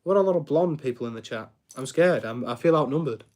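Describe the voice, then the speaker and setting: A man's voice: medium pitch, lively intonation, fast, a little mellow. A young man chatting casually on a live stream while he builds, rambling, reacting to chat and tripping over his words.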